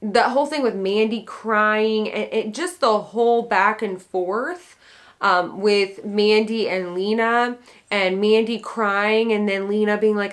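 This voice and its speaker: Woman book vlogger, chatty and playful, rambles with ums and excited asides. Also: mid-range voice, slow pace. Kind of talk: casual chat to camera.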